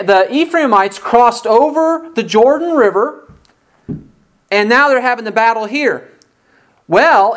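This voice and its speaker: A preacher delivers an expository sermon, moving through a Bible passage verse by verse. The voice sits at an ordinary middle pitch, and now and then the preacher briefly acts out the dialogue of the people in the story.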